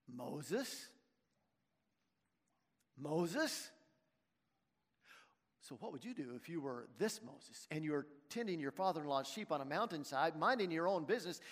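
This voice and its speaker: A man's voice: high-pitched, a bit bright. A man preaching a sermon in a church, retelling a story and putting questions to his congregation. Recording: long reverb in a large hall.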